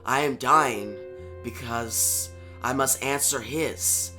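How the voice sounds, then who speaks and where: A man reading out the soft lines of a gentle old priest near death. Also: takes it slowly, faint music behind. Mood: gentle, fading. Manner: soft, low, quiet reading. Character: dying old male priest, gentle and calm.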